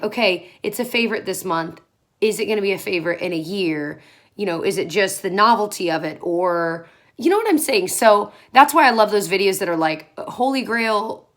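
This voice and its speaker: A woman's voice: mid-range voice, fairly bright tone. Tired, chatty young woman vlogging at home. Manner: chatty and rambling, laughs often. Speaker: beauty vlogger. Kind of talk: casual vlog chat. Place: small home room.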